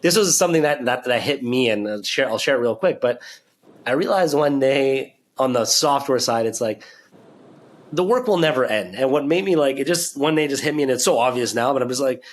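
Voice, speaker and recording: A man's voice: mid-range voice, expressive, brisk. A male podcast host talking in an easygoing, reflective way. His voice sits in a mid range for a man. He restarts his phrases often and peppers his speech with casual fillers. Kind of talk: casual chat.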